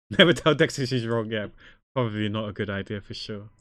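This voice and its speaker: A man's voice: fairly low pitch, a little fast, fairly bright tone, no echo, clean studio sound. A man chatting casually with his viewers while drawing on a livestream, rambling and joking. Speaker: art streamer.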